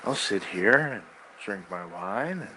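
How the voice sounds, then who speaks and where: A man delivering a rambling spoken-word monologue from his bed into a microphone, swinging between loud outbursts and quiet mutters. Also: fairly low pitch, expressive, unhurried, noisy background. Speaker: recording artist. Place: bedroom.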